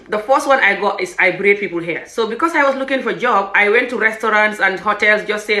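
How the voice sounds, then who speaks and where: A young Gambian woman tells her story with a lot of animation and often slips into the voices of the people she quotes. Her voice is bright and forward, and the room around her has a clear echo. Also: medium pitch, fast, few pauses. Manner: animated, acts out quoted speech, frequent "what the hell". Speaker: vlogger telling her story. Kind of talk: casual personal storytelling.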